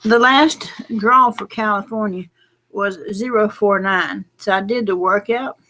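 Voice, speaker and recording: Middle-aged woman, sleepy, teary, rambling late-night vlog, folksy and soft. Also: mid-range voice, a little slow, slight background noise. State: sleepy and close to tears. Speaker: lottery number vlogger.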